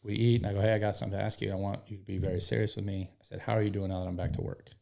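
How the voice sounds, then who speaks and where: Gravelly-voiced American man, emotional. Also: fairly low pitch, level tone, racing, darkish tone. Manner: emotional, earnest, swears casually. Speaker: firefighter guest. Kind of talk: candid personal storytelling.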